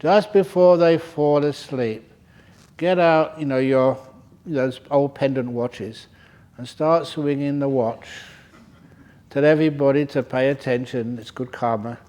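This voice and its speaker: An older man gives a Dharma talk to a retreat group. He tells stories with a light, joking touch and often breaks into chuckles. His voice sits at a moderate pitch. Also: steady tone, a little slow, darkish tone. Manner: humorous storytelling, chuckles often. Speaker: meditation teacher. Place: retreat centre hall.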